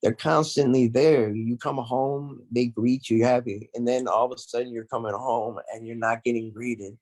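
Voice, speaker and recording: A man's voice: medium pitch, fairly even intonation, normal speed, a little mellow. A man as a podcast guest in casual chat, speaking from the heart and rambling with many fillers.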